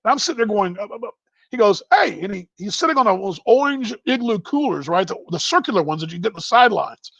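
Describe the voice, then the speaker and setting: High-voiced man telling a rambling baseball tale. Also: expressive, quick pace, hardly any pauses, fairly bright tone, dry recording. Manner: rambling, self-correcting anecdote with many fillers. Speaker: baseball broadcaster. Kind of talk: casual storytelling on a live stream. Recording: dull, lo-fi, dry.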